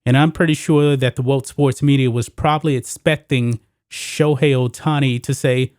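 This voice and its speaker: This is a man with an ordinary mid-range voice hosting a sports opinion show. He talks emphatically and climbs in pitch when he hits a point. The sound is close and dry. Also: steady tone, normal speed, few pauses, darkish tone, dry recording. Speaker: sports commentary host. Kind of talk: opinionated solo commentary.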